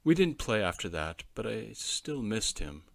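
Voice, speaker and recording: Expressive man narrating a children's story. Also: on the low side, unhurried, gravelly, no echo.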